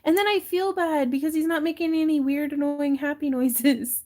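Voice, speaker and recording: A woman's voice: high-pitched, fairly even intonation, normal speed, a little mellow. A woman hosting a crafting livestream, chatting casually and laughing often while she wire wraps. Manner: giggly, chatty, acts out little voices in her stories.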